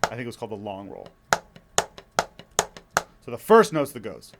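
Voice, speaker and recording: A man who is a father of young children, teaching drums in a relaxed, chatty way with many fillers and restarts. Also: on the low side, normal speed, heavy background noise. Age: young adult to middle-aged, father of young kids. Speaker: drum teacher. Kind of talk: casual spoken drum lesson.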